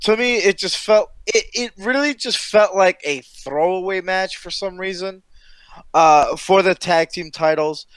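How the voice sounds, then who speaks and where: A high-pitched man chatting on a podcast, swearing freely and getting worked up as he retells a story. His voice sits dry and close, with no room sound. He talks loosely and casually. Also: measured pace, smooth, dry recording. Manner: excited, profane, storytelling. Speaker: podcast co-host. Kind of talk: casual chat.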